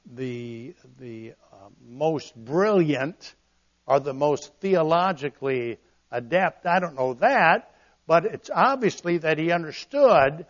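A man preaches in an earnest, conversational manner, pushing some points loud and dropping others to a murmur. His voice sits a little high for a man. The recording sounds dull and lo-fi. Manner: earnest, conversational, dramatic shifts in volume. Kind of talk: sermon.

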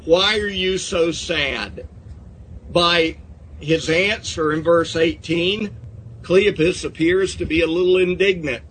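Slow, earnest man preaching. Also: on the high side, a bit bright, slight background noise. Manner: earnest preaching, reads scripture aloud in old-fashioned wording. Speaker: pastor. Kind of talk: sermon.

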